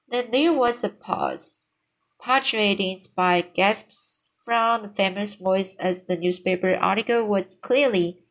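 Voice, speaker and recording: Slow-reading woman storyteller. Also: medium pitch, fairly bright tone, rough recording. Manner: unhurried reading with small restarts. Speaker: reader. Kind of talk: reading a children's book aloud.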